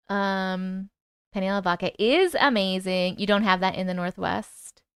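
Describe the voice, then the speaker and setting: A woman's voice: mid-range voice, clean tone, no room sound, studio quality. A woman with a New York accent hosting a casual live stream, chatting and reading viewer comments aloud.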